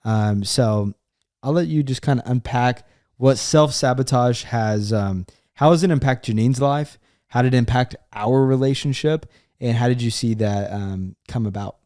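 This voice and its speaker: A man's voice: medium pitch, normal speed, warm tone, dry recording, clean studio sound. A young man co-hosting a casual podcast, joking and asking playful questions, telling rambling stories. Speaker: podcast co-host.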